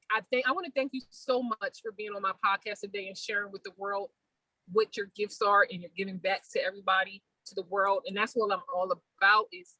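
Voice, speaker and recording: A woman hosting a podcast interview over a video call, effusive and quick to laugh, saying y'all to her listeners. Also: medium pitch, pushed and bright, no room sound, poor audio. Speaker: podcast host. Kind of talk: casual interview.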